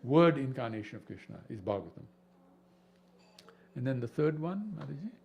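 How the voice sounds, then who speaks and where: A man teaching a devotional scripture class, animated and full of rhetorical questions. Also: medium pitch, normal speed, vocal fry, lo-fi sound, a little hiss or hum. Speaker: spiritual teacher.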